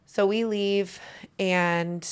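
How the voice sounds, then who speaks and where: A woman's voice: medium pitch, steady tone, very slow, clear, resonant tone. A woman giving a guest interview, telling a personal story in an earnest, emotional way.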